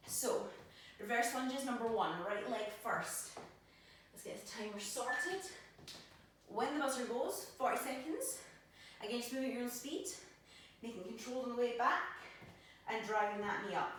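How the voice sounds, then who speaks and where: A woman's voice: on the high side, a bit bright, a little hiss or hum. Breathless woman coaching a gym workout. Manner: encouraging, counts reps aloud. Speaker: personal trainer. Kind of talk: workout instruction while demonstrating. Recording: very echoey gym from far off.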